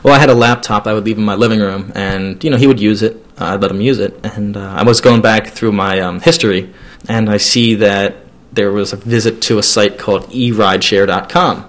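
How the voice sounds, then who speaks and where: A man's voice: lowish voice, fairly even intonation, a little fast. A man telling a personal story in a loose, casual way, with many fillers and restarts.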